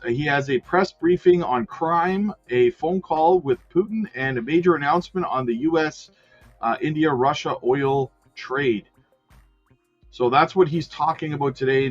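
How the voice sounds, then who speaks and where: A man hosting a casual crypto livestream, chatting with viewers and reading their comments aloud. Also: a little high. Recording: dull lo-fi sound with faint music.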